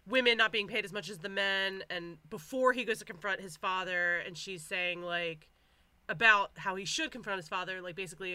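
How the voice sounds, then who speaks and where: Brief: casual podcast guest, bright and chatty, quick to interject. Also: medium pitch, smooth, no echo. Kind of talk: casual chat.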